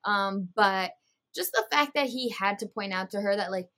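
A woman's voice: mid-range voice, normal speed, bright, forceful tone. Woman podcast co-host, casual and chatty, fillers everywhere, acts out quotes as she recaps. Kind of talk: casual reality-TV recap chat.

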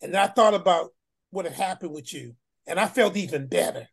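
A man's voice: high-pitched, animated, a little fast, gravelly, husky. A man telling a story in an emphatic, slangy way. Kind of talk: casual storytelling.

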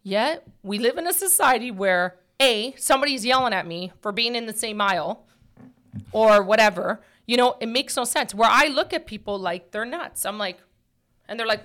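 Woman, talk show host, emphatic, preachy, casual chat, slightly high voice. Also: animated, normal speed, a bit bright. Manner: emphatic, preachy, many fillers.

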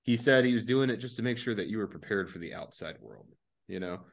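A laid-back man from the United States tells a rambling story as a podcast guest. His voice sits fairly low. He laughs easily between lines. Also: lively intonation, fast, creaky. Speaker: podcast guest, army veteran. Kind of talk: casual anecdotal storytelling.

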